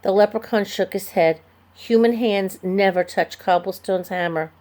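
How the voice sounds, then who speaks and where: A woman's voice: medium pitch, normal speed, darkish tone. Woman reading a children's story. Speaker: narrator. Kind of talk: scripted narration.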